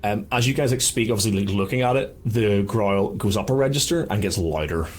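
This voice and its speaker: A man's voice: fairly low pitch, brisk. A man narrating as game master for a tabletop game, rambling and self-deprecating.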